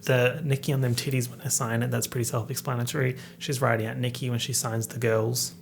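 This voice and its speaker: A man in a mid-range voice hosts a casual podcast and picks apart rap lyrics line by line. He reads each lyric aloud, then riffs on it with a playful, animated edge. A faint hum sits under his voice. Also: medium pitch, brisk, vocal fry. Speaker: podcast host.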